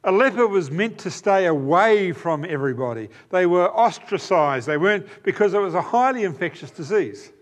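Pastor guy preaching, earnest and emphatic, kinda high voice. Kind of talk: sermon.

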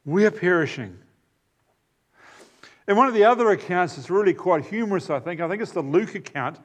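Preaching in a relaxed, chatty way, this New Zealand-accented man has a high-sitting, expressive voice. He uses fillers when he pauses and addresses asides to the congregation.

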